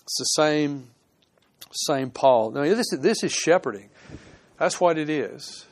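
A man preaching a sermon, reading scripture aloud and explaining it, swinging between emphatic rises and quiet conversational asides. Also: on the high side, animated, measured pace. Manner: earnest, reads scripture aloud with plain commentary. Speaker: pastor.

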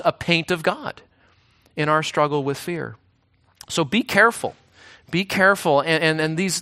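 Male pastor, sermon, high voice, earnest, repeats and restarts, hushes on key lines. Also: no echo, studio quality.

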